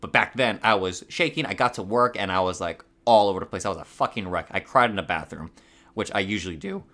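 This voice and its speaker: Young guy from hawaii telling a story on his podcast, kinda low voice, cusses a lot, voice cracks here and there. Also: quick pace, sharp tone. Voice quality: voice cracks now and then. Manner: rambling, swears often, laughs at himself. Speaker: podcast host. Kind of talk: casual storytelling.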